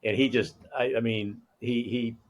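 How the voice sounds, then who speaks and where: A middle-aged man hosting a casual interview, telling lively anecdotes. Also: medium pitch, measured pace. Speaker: host. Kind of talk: casual chat.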